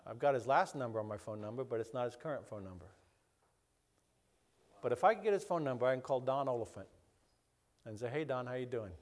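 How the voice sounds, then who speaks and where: A man's voice: medium pitch, brisk, pauses often. A middle-aged man, a pastor, telling a personal story in a rambling way with many restarts and acting out the voices of the people in it. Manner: animated, acts out other people's voices. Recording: long hall reverb.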